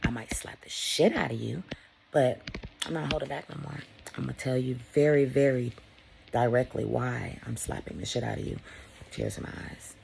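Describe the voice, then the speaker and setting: A woman vlogger talking in a casual motivational monologue, blunt and profane, swinging between loud emphasis and hushed whispers. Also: a bass voice, normal speed, creaky, slight background noise.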